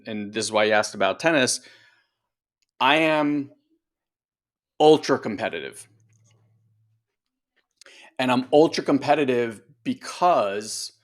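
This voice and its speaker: Brief: male coach, conversational and lively, middle pitch, explaining with examples. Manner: animated, acts out voices, conversational. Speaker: coach and co-host. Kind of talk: casual coaching podcast talk.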